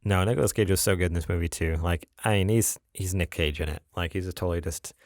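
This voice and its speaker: A man's voice: sits low, quick pace, dry recording, clean studio sound. A man co-hosting a gaming podcast in casual chat, rambling easily with lots of fillers. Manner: easygoing, rambling with many fillers and laughs. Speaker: podcast co-host.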